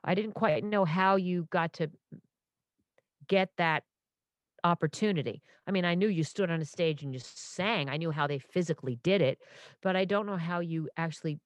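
A woman in her fifties, a stage impressionist, talks in a low voice. She is animated and keeps interrupting herself with asides. The sound is dry and close. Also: normal speed, dry recording. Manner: animated, self-interrupting, full of restarts and asides. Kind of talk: casual interview storytelling.

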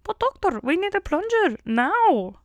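A woman imitating a receptionist who sounds like a frog puppet, in a croaky, nasal, raised voice. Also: very high voice, big pitch swings, measured pace, dry recording, voice pushed up, exaggerated voice. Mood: pleading.

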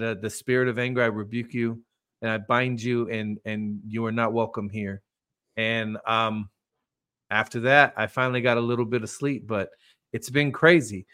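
A man's voice: medium pitch, bright, forceful tone. Earnest man telling a faith story. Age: adult with children. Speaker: podcast host. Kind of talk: casual faith talk.

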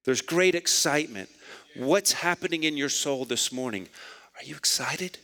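A man in his forties preaching a sermon as pastor, swinging from low, quiet phrases up to near-shouts. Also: moderate pace. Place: church sanctuary. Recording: long hall reverb.

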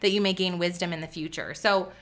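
A woman in her thirties talks straight to her listeners as a faith business coach. She is fervent and preachy, circles back on her points and fills her talk with "like". Her voice is bright and forceful. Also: fairly low pitch, steady tone, brisk. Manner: fervent, preachy, with a lot of repetition and "like". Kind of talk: motivational talk to camera.

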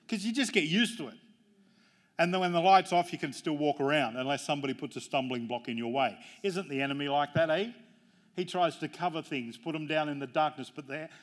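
Joking preacher, fairly high voice. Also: male voice, fairly bright tone. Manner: jokey, storytelling preacher with emphatic rises. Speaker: pastor. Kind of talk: sermon.

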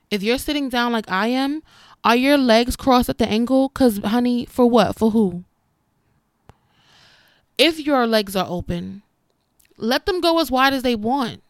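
A woman's voice: on the high side, no echo, studio quality. A woman in her twenties talking straight to her viewers, candid and sassy, calling them honey. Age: 20s. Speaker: vlogger. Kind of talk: casual talk to camera.

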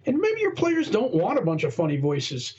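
A man with a raspy voice chatting earnestly on a podcast, rambling with many restarts. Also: high-pitched, huge pitch swings, moderate pace, darkish tone, muffled recording. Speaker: guest game master. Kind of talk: casual podcast conversation.

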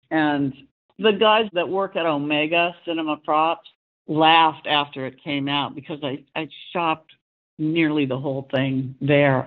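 A man, a set decorator, recalling a hectic shoot in an interview. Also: a little high. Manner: reflective, recalling. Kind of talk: interview recollection. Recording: tinny phone-like line.

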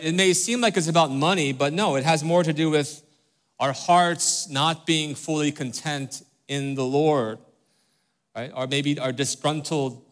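A man's voice: a little high, fairly bright tone. A middle-aged man preaching a sermon as pastor, conversational and earnest, often checking in with "right?" and "okay?". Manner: conversational, many fillers and tag questions like "right?" and "okay?"; direct and earnest with the congregation.

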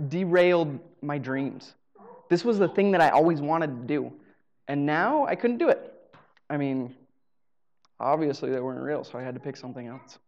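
Here a man's voice on the higher side, with a darkish tone and clipped highs, carries a live storytelling set. He's on stage at a live show venue sharing a personal tale, keeping it casual and funny while performing the dialogue.

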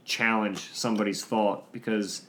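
A man's voice: on the low side, fairly even intonation, moderate pace, fairly bright tone. Laid-back man hosting a car podcast. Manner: laid-back, swears casually, trails off with ums. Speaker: podcast host. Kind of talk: casual podcast chat.

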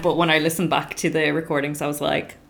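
A woman's voice: low voice, little pitch movement, fast talker, creaky. A woman, chatting casually as a podcast co-host and laughing often. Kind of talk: casual chat.

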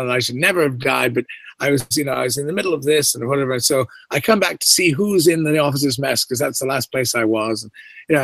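A man's voice: medium pitch, no echo. A middle-aged man, a guest actor, telling anecdotes in an interview and acting out the voices he quotes. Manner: animated storyteller who acts out quoted voices.

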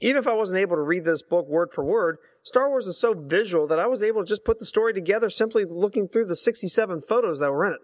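A man's voice: sits high, lively intonation, fast talker, hardly any pauses. A man in his thirties leaving a voicemail, reminiscing earnestly and reading passages aloud. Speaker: listener voicemail. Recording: long hall reverb.

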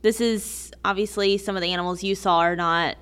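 A woman's voice: mid-range voice, fairly even intonation, a bit bright, smooth. Upbeat woman hosting a podcast. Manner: upbeat, quick to laugh. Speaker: podcast host. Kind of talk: casual interview chat.

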